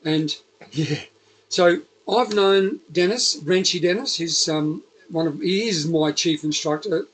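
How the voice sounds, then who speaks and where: A man's voice: fairly high pitch, measured pace, poor audio. A man with a Liverpool accent hosting a casual interview, rambling and chatty with lots of fillers and restarts. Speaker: podcast host.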